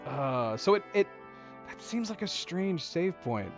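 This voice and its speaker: A man's voice: on the high side, very animated, measured pace, highs cut off, soft background music. A man hosting a let's play, musing aloud about the game in a casual, chatty way. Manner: chatty, musing, chuckles often. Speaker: gaming channel host.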